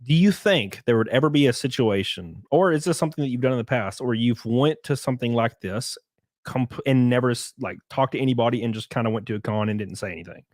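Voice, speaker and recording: Excitable young man hosting a podcast. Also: mid-range voice, quick pace, dry recording, studio quality. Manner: excitable, swears a lot, jokes with mock voices. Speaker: podcast host. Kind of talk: casual chat.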